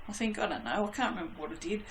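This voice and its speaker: A woman's voice: mid-range voice, rapid-fire. Woman vlog host, casual rambling crafter, roomy webcam sound with faint hiss. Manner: rambling, self-deprecating, swears lightly. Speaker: soap-making channel host.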